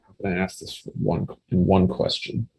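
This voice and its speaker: A man playing a tabletop game, asking careful, deliberate questions. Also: deep voice, monotone, gravelly, a little mellow, breathy edge. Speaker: player. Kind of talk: tabletop game play, casual.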